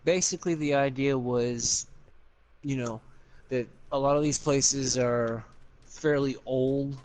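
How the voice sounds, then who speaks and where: Man, medium pitch, casual gameplay chat, teasing, swears a lot. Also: fairly even intonation, slow, a little mellow, dry recording. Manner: teasing, profane, joking. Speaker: Minecraft video host.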